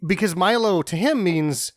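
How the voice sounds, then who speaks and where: A man co-hosting a podcast, picking apart a movie with wry, deadpan complaints in casual banter. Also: high voice, moderate pace, no echo, clean studio sound. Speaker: podcast co-host.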